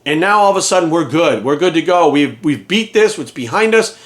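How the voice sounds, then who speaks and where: A man's voice: fairly high pitch, lively intonation, a little fast, a bit bright. Heated, profane man ranting. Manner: heated, profane, emphatic, repeats phrases for force. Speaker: fitness trainer and coach. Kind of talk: ranting monologue to camera.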